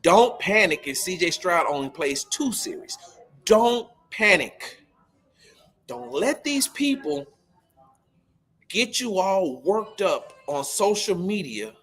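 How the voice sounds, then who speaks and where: A man's voice: on the high side, fairly bright tone. A man hosting a sports talk show, repeating his warnings with emphatic insistence. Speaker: podcast host.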